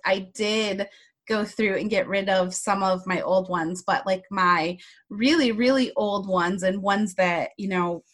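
Woman podcast host, mid-pitched, effusive and chatty, casual interview. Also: steady tone, a little slow, fairly bright tone. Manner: effusive, upbeat, chatty with many fillers.

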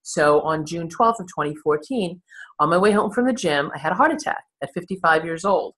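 A woman's voice: on the low side, expressive, a little fast, a bit bright. A woman in her sixties, a therapist, telling her own story candidly in an interview and laughing at herself along the way. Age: 60s. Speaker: therapist and podcast guest.

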